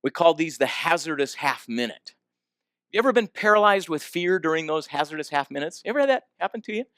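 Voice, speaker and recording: This man's voice sits on the high side and moves at a quick pace, captured in a dry, clean studio recording. Telling a story to an audience, he gets animated, asks them questions, and acts out the characters' quoted lines.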